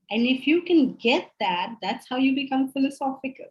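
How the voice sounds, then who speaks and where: A woman's voice: high-pitched, lively intonation, moderate pace, hardly any pauses, darkish tone, rough recording. A woman teaching a philosophy class, making emphatic points and putting rhetorical questions to her students. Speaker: spiritual teacher.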